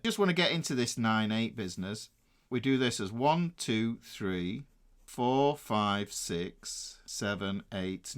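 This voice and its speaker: A man with a Northern English accent teaching a guitar rhythm lesson, explaining time signatures and counting beats aloud. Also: medium pitch. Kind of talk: music lesson.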